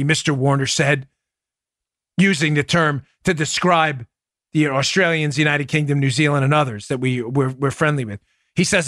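Indignant, high-voiced male political host. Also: steady tone, normal speed, a bit bright, no echo, clean studio sound. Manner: combative, incredulous, rising to indignant outbursts. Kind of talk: heated political commentary.

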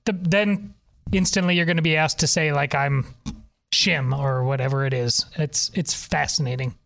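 Female co-host, dry and mocking, slightly low voice. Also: steady tone, moderate pace, vocal fry. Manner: wry, mocking. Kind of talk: opinionated podcast commentary.

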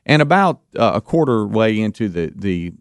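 A man hosting a live radio show, telling a story in an animated way, repeating words and acting out what people said. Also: on the low side, normal speed, creaky, dry recording, clean studio sound. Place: radio studio.

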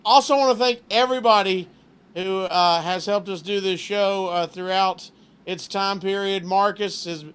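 A man's voice: high voice, fairly even intonation, normal speed, fairly bright tone, clear, resonant tone. A man co-hosting a podcast, upbeat and joking in casual chat. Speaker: podcast co-host.

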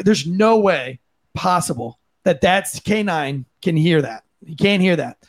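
A man's voice: on the high side, expressive, measured pace. A man and former police officer giving blunt, profane, impassioned commentary on a podcast. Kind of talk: heated opinion commentary.

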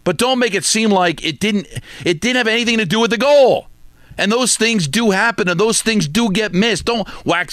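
A man's voice: high-pitched, moderate pace, a bit bright, no echo, studio quality. A man hosting sports talk, delivering an emphatic, scolding rant full of repetition. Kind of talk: opinionated sports radio rant.

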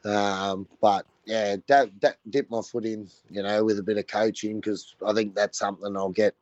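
A low-voiced Australian man talks in a laid-back, halting way, full of ums and restarts. The sound is dry and a little muffled, like a remote line. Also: steady tone, darkish tone, dry recording. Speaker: guest, former rugby league player. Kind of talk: casual phone interview.

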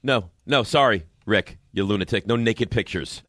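A man hosting a sports radio show, chatting and teasing his co-hosts in animated, storytelling banter. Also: lowish voice, normal speed, no echo, studio quality.

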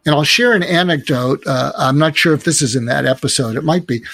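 A middle-aged man with a rough, gravelly edge and a slightly husky tone. He tells stories in a loose conversational way, circling back with fillers and restarts. The sound is close and dry. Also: fairly high pitch, animated, a little fast, a bit bright, dry recording. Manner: storytelling, many restarts and fillers. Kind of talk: casual conversational advice.

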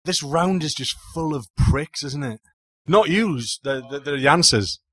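Contestant, male, higher voice with a lively swing, jokey asides. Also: a little slow, husky, no echo, studio quality. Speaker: quiz contestant. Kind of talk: casual podcast banter.

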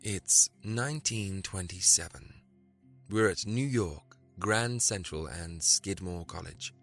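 Playful young wife, soft and wry, gently mocking; a man reads her with a gravelly, bright voice. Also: low-pitched, slow pace, faint music behind, heavily acted. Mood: teasing. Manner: teasing, wry, softly spoken.

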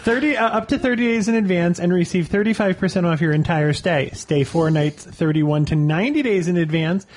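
A man's voice: high voice, a little fast, a little hiss or hum. A man co-hosting a podcast, reading news and deals with dry wisecracks. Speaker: podcast co-host. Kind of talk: casual chat.

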